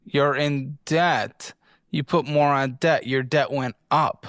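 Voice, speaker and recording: A man's voice: mid-range voice, fairly even intonation, slow, a bit bright, no room sound, clean studio sound. A man hosting a show that gives financial advice, grilling a guest bluntly with exasperated insults. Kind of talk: confrontational interview.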